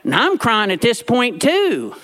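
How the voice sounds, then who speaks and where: A man telling a funny personal story from his childhood with comic timing and drawn-out pauses. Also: sits high, expressive, fairly bright tone.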